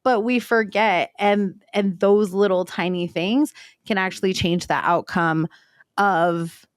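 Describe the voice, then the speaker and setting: A woman in her thirties co-hosting a casual podcast, candid and animated, swearing casually and laughing often. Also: mid-range voice, takes it slowly, no room sound, studio quality. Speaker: podcast co-host. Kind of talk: casual conversational podcast chat.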